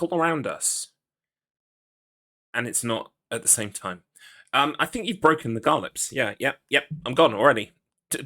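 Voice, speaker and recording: Male streamer, bright voice, loose rambling chat, jokes at his own expense. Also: mid-range voice. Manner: rambling, self-deprecating, reads chat aloud. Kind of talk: casual live-stream chat.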